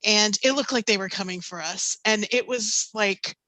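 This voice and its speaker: Woman, fifties, panel storyteller with a bright, clear tone; animated, laughs a lot, dry close sound. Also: mid-range voice, moderate pace, no room sound, rough recording. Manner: animated anecdotes, laughing often, many ums. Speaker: panelist, canoe skipper.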